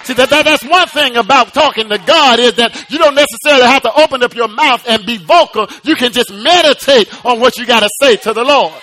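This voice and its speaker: A man preaching in a very high, bright, ringing voice. He climbs from slow, hushed phrases to loud, soaring, shouted passages. He often repeats a word several times before pushing on. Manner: repeats words in quick restarts. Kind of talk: sermon.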